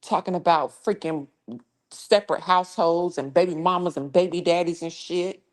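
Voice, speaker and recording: A woman's voice: lowish voice, steady tone, normal speed. A woman hosting a casual livestream who talks profanely and scolds trolls in her chat in a confrontational tone. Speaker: livestream host.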